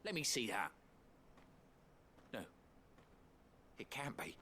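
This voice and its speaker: An actor playing a bitter, bigoted villager in a video game, grumbling resentfully. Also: male voice, medium pitch, very animated, slow pace, sharp tone, a little hiss or hum, full character voice.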